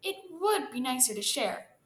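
A woman voicing a gentle, patient female turtle who speaks mildly and pleads with others in a storybook reading. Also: high-pitched, big pitch swings, measured pace, echoey room. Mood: pleading.

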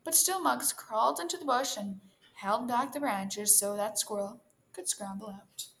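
A woman reading a children's story aloud in a gentle, expressive manner. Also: on the high side, normal speed, creaky, slight background noise.

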